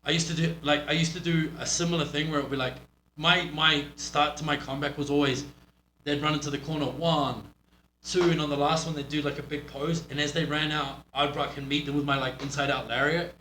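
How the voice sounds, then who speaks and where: A man's voice: fairly high pitch, level tone, brisk, bright, forceful tone. A man with a New Zealand accent, a pro wrestler giving a blunt, profane critique of a match. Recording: roomy echo with faint hum.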